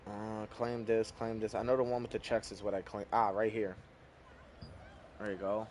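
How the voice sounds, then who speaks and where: A young man giving relaxed, chatty commentary over his game, thinking aloud and swearing casually. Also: fairly low pitch, moderate pace, a little hiss or hum. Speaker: gaming YouTuber.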